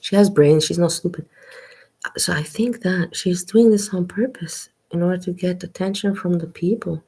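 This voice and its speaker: A woman reacting to a video in casual commentary, with a lowish, gravelly voice. She talks in a slow, reflective way and circles back over her words as she thinks. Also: warm tone. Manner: slow, reflective, repeats herself while searching for words.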